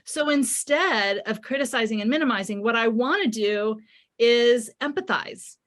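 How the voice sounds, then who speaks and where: Fields: Sex: woman. Pitch: fairly high. Role: parenting expert guest. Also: animated, moderate pace, fairly bright tone. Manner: explains with examples, acting out parents' lines. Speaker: parenting author and psychotherapist guest. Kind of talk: conversational podcast interview.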